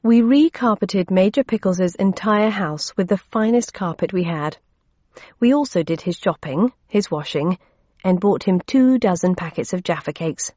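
A woman's voice: mid-range voice, moderate pace, darkish tone, no room sound. A woman reading an audiobook aloud with a dry, wry storytelling manner. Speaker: audiobook narrator. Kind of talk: audiobook narration. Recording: dull lo-fi audio.

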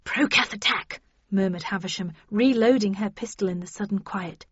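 Brief: female audiobook narrator, brisk first-person storytelling, slightly dull lo-fi sound. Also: mid-range voice, a little mellow, breathy edge, dry recording. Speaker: audiobook reader. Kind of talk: scripted narration.

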